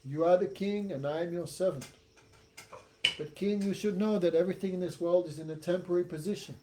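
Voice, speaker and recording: A man voicing a calm, wise servant who answers the king with steady, instructive reasoning. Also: sits high, a little fast, slight background noise, lightly acted.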